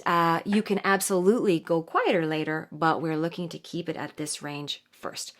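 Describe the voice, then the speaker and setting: A woman vocal coach giving a singing lesson, with encouraging, instructive cues. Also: fairly low pitch. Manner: encouraging, instructive, brisk cues between sung examples. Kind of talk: vocal lesson with sung demonstrations. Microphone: studio mic, audio only. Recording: over loud piano accompaniment.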